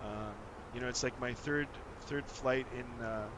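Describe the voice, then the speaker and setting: A man's voice: mid-range voice, steady tone, a little slow. Chatty flight sim streamer guy, noisy background. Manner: rambling, filler-heavy, friendly chatter. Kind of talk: casual live-stream chat.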